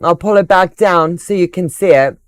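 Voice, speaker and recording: A woman's voice: on the low side, normal speed, clean tone, dry recording. An older woman hosting a quilting livestream, chatting casually and gushing affectionately over viewers' comments.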